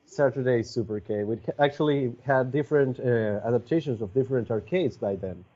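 A man's voice: mid-range voice, brisk, mellow. Hesitant man on a lo-fi podcast. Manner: hesitant, many restarts and fillers. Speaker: podcast co-host. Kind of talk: casual chat. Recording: dull lo-fi audio.

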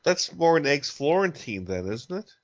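A man's voice: on the high side, sing-song, moderate pace. A man co-hosting a casual podcast chat, dry and teasing, stammering a little as he restarts his sentences. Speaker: podcast co-host. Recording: slightly dull lo-fi podcast audio.

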